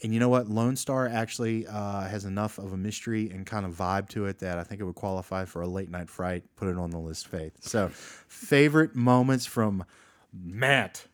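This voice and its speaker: A man's voice: on the low side, normal speed, no room sound. A man co-hosting a casual movie podcast, chatty and enthusiastic, laughing often. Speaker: podcast co-host.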